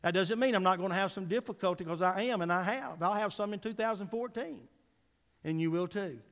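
Male pastor, high voice, preaches with big swings from hushed to loud, echoing church hall. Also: a little fast. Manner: swings from soft and low to loud and emphatic; calls out "Amen?" to the congregation. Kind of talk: sermon. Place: church sanctuary.

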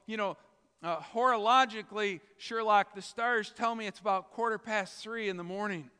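A man's voice: sits high, normal speed, pushed and bright, smooth. A man voicing an eager male sidekick trying to impress his boss, in a pompous earnest manner, in a reverberant church. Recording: reverberant hall.

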